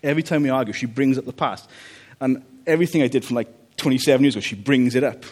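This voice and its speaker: A man's voice: medium pitch, fast, darkish tone, lightly acted. A man playing his exasperated older father, griping in a sermon anecdote. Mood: aggrieved.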